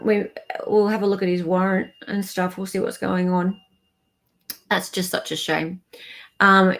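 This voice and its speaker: A woman's voice: mid-range voice, gravelly. A woman hosting a livestream, giving loose, meandering updates to her viewers in casual chat. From Australia. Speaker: livestream host.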